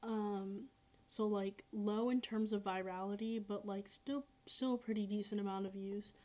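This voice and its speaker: A young woman talking casually on a livestream, her pitch sitting in an ordinary middle range. She rambles, fills pauses with "um" and "like," and says things again and again. The sound is a little dull and lo-fi. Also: steady tone, warm tone. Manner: rambling, filler-heavy, repeats herself. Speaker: livestreaming creator. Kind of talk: casual livestream chat reading comments.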